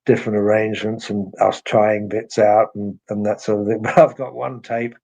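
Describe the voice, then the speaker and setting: A man being interviewed as a guest musician, talking in an unhurried, reflective way and often repeating words as he starts a thought. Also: fairly low pitch, little pitch movement, gravelly, a little mellow, dull audio. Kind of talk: casual interview conversation.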